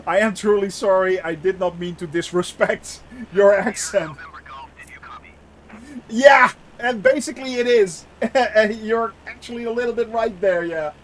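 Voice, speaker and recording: Chatty man streaming with a high voice. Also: a little slow. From Netherlands. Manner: chatty, laughs often, many fillers. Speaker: flight sim streamer. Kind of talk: casual live-stream commentary.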